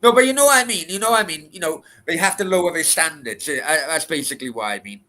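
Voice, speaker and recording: A man hosts a late-night chat stream with a bright, sharp tone and a slightly high voice. He rambles crudely, swears freely and stumbles through restarts as he answers chat. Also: lively intonation, fast talker. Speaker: livestream host answering chat.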